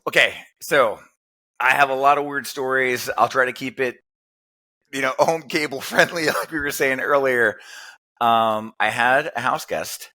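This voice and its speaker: A middle-aged man as a podcast guest, talking in a bright, punchy voice. He keeps things playful, teasing and laughing between lines in easy casual chat. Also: mid-range voice, a little slow. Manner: joking, playful, laughs often.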